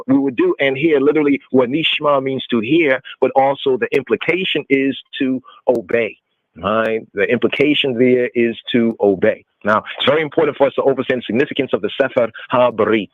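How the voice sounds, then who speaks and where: A man hosts a call-in radio Bible study, teaching Torah and explaining scripture, often checking in with "right?" and mixing in Hebrew terms. His medium-pitched voice comes over a narrow, phone-like call-in line that is dry, with no echo.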